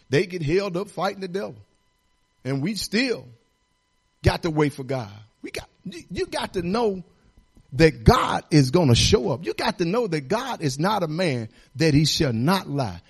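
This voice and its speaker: A man's voice: high voice, creaky, breathy edge. A man pastor preaching a sermon in a folksy, repetitive, exhorting way, building emphasis as he goes.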